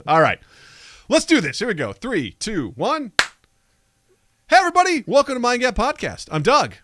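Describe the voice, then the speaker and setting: Animated, goofy man hosting a podcast. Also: sits high, moderate pace, noisy background. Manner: goofy, self-mocking, animated. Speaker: podcast host. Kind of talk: casual podcast chat.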